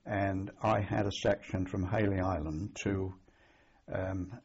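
An elderly man looks back on his wartime service for an oral history interview. He talks slowly, pausing often and restarting his sentences. His voice is low, husky and gravelly, and the old tape sounds dull. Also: level tone, a little mellow. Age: older. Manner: slow, halting, many ums and restarts. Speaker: veteran interviewee.

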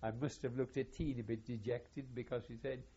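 An older man, recalling his wartime service in an oral history interview in a halting, measured way with wry self-deprecation, on a dull lo-fi recording. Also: mid-range voice, flat delivery, dark tone, husky. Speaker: veteran interviewee.

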